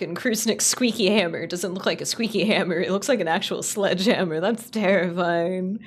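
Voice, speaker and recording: Chatty, animated woman streamer. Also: fairly low pitch, normal speed, few pauses, slightly rough. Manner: rambling, animated, swears casually, laughs often. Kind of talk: casual live-stream chat with viewers.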